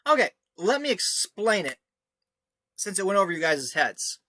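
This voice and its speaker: Man, scornful commentary, sarcastic, bright edgy tone, close dry sound. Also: sits high, sing-song, moderate pace, no echo. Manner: mocking, scornful, laughs often. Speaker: online commentator. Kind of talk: sarcastic commentary over screenshots; reading his own article aloud.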